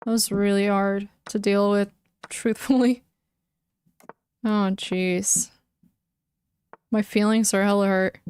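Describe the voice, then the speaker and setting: Slow-talking young woman chess streamer. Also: medium pitch, little pitch movement, darkish tone, clear, resonant tone, no echo. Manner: emotional, talks to her chat, frequent "like" fillers. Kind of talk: casual live-stream chat.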